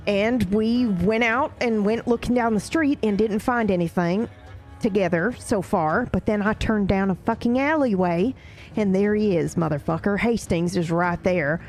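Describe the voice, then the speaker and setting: A woman's voice: mid-range voice, unhurried, faint music behind. A woman recapping events in character during a roleplay session, rambling and swearing casually as she tells the story.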